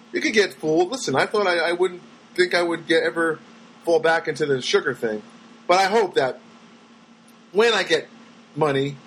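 An older man telling rambling stories in a casual monologue, halting and repeating himself, with lots of fillers and sudden high voices when he quotes people. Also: slight background noise, low-quality recording.

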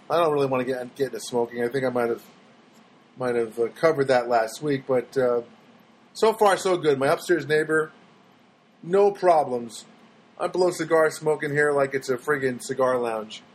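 Husky rambling man hosting a show. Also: on the high side, rough recording. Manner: rambling, jokey, many restarts. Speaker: podcast host. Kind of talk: casual solo monologue. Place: studio apartment.

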